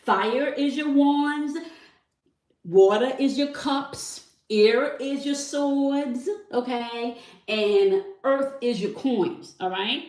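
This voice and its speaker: A woman's voice: high-pitched, extremely slow, darkish tone. A woman hosting a spiritual tarot channel, teaching in a monologue and checking in with "okay?" after almost every phrase. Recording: echoey room, somewhat far from mic.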